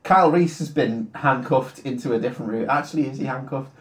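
A man co-hosting a drunken casual chat, retelling a film with lots of swearing and laughter and quick snippets of the characters' voices. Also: medium pitch, echoey room. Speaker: podcast co-host retelling a film.

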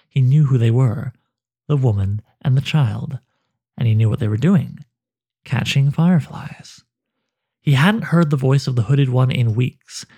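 Gravelly-voiced male storyteller. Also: mid-range voice, dark tone. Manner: measured, dramatic delivery. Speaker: narrator. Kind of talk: dramatic storytelling narration.

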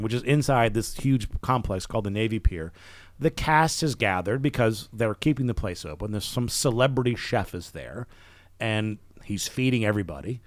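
A man's voice: medium pitch, dry recording. A man hosting a podcast, telling a story in casual chat and acting out the people he quotes. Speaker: podcast host.

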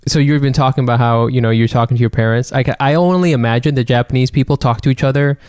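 A man's voice: medium pitch, quick pace, darkish tone, smooth, no room sound, clean studio sound. A man riffing in a casual comedic chat, rambling with fillers and laughing.

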